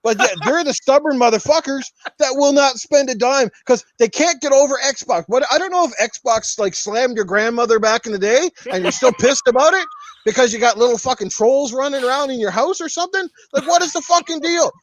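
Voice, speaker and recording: This man's voice is very high-pitched and brisk, with no room sound. He hosts a podcast and delivers a heated, casual rant full of heavy profanity, mocking the people he argues against.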